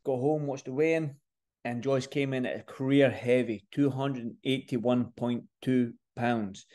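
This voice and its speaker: A man's voice: mid-range voice, fairly even intonation, measured pace, darkish tone. A man talking casually to camera as a boxing vlogger, chatty and repeating words and phrases for emphasis. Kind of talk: casual fight-preview talk to camera.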